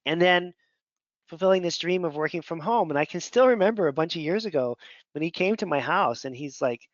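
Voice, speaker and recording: A man's voice: fairly high pitch, lively intonation, a little fast, no echo. A man mentoring doctors in a casual, rambling teaching talk full of fillers. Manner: conversational, rambling, many fillers. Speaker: functional medicine mentor. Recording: dull lo-fi audio.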